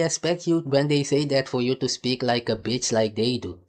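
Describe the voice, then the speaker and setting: A man's voice: mid-range voice, moderate pace. A man giving ranting video commentary on a clip, mocking and scornful, laughing between his jabs.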